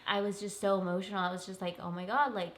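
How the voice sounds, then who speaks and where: A woman's voice: medium pitch, steady tone, quick pace, fairly bright tone. A young woman vlogger telling a personal story in an emotional, earnest way, full of "like"s and close to tears. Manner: tearful, earnest, filler-heavy with many "like"s.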